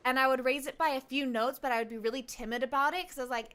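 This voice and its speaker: Playing a game on stream, this woman talks fast in a slightly high, fairly bright voice, hardly pausing at all. She chats with viewers and mutters to herself, humming tunes and repeating game lines as she goes.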